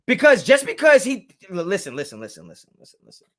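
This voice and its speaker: With a high voice whose pitch swoops wildly, a young man talks fast while hosting a live sports fan show. He gets into heated arguments with chat and repeats himself to push his point.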